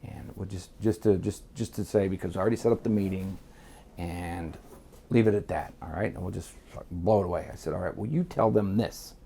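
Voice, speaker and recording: A man's voice: deep voice, fairly even intonation, a little fast, gravelly, dark tone, a little hiss or hum. A man from Miami, telling a long story as an interview guest, swearing freely and acting out what others said. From Miami, United States. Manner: profane, rambling, acts out quotes. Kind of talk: casual storytelling.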